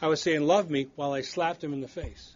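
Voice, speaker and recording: An older man speaking at a recovery meeting, telling his own stories bluntly and poking fun at himself. His voice sits a little high for a man. The recording is dull and lo-fi. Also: steady tone, fast. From United States. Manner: candid storytelling, blunt and self-deprecating. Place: meeting room.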